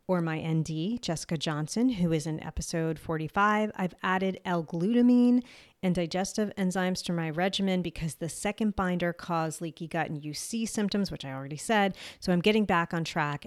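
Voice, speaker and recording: A woman's voice: on the low side, no echo, studio quality. Candid New Jersey woman hosting a podcast. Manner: candid and casual, swears lightly, laughs at herself. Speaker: podcast host. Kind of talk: solo health podcast monologue.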